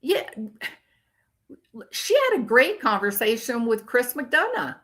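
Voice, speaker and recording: A woman's voice: high-pitched, very animated, slow pace, fairly bright tone. An older woman hosting a casual true crime commentary livestream, ranting and reacting to viewer comments as they come in.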